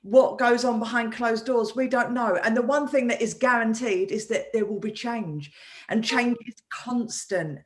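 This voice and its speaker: Woman, host, coach, animated, repeats words, slightly high voice, video call. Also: normal speed. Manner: animated, with many repeated restarts. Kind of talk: live online talk.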